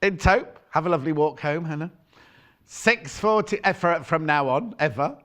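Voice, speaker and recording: A man's voice: a little high, animated, normal speed, pushed and bright. A man presenting on a live shopping channel, chatting playfully, teasing his co-host and reading out fabric prices. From United Kingdom. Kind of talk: live TV sales chat. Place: TV studio. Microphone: clip-on mic.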